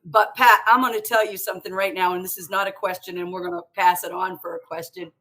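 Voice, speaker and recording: A woman's voice: lowish voice, fairly even intonation, fast talker, a bit bright. A woman co-hosting an interview show, speaking emphatically and encouragingly to the guest. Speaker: co-host. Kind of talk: casual interview chat.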